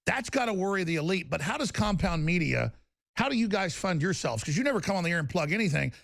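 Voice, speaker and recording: A man hosting a live call-in talk show, talking in a rambling, excitable way that jumps from topic to topic. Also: sits high, vocal fry, no room sound, studio quality. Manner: rambling, excitable, fast-shifting delivery.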